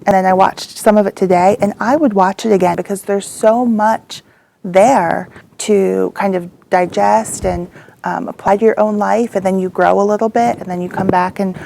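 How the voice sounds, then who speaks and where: Gravelly-voiced woman co-hosting. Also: mid-range voice, normal speed, slight background noise. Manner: relaxed, many um fillers. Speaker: co-host. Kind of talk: livestream talk.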